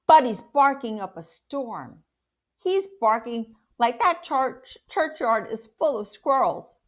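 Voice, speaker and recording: A woman, a teacher, reading a children's novel aloud in an animated storytelling way and stopping to ask the listener questions about the story. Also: on the high side.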